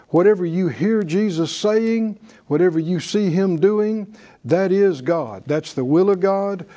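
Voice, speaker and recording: A man with a fairly high, warm voice teaches a faith class. His conversational, sermon-like delivery is full of fillers and restarts, and he leads the group in call-and-response.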